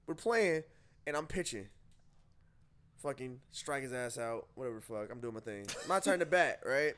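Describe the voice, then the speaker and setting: A man's voice: medium pitch, moderate pace. A young man telling a party story in casual talk, swearing and laughing often. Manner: animated, profane, laughs through the telling.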